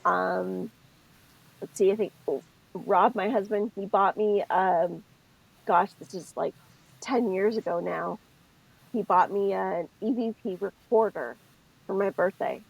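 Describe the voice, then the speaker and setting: A woman with a husky, breathy voice talks through spiritual ideas in a relaxed podcast chat. She is expressive and thinks out loud, often breaking off to start her sentence again. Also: mid-range voice, measured pace, long pauses, lo-fi sound. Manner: expressive, thinks aloud, self-interrupting. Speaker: podcast co-host.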